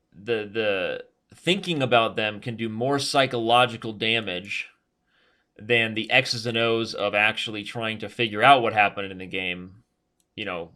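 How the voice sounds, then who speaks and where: A man commentating his own online chess games while playing, animated and self-mocking, giving advice. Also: fairly low pitch. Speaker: chess master streamer.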